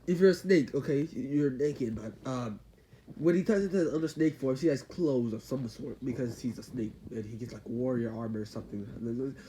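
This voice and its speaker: A man's voice: mid-range voice, dark tone, poor audio. Man, casual story retelling, rambling with sound effects, faint background noise. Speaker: channel host.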